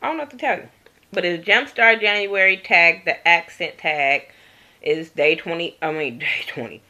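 Woman vlogging from home, kinda low but bright voice, blunt and jokey, laughs a lot. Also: normal speed. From Compton, California. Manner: blunt, joking, swears freely, laughs often. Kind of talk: casual chat to camera. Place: at home, indoors. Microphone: camera in front of her.

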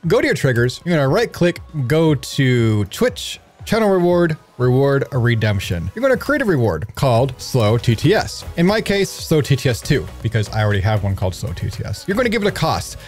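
A man streamer walking viewers through a software setup in a casual tutorial, upbeat and joking, with chatty asides. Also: mid-range voice, very animated, brisk, soft background music. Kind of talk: casual screen-recorded tutorial.

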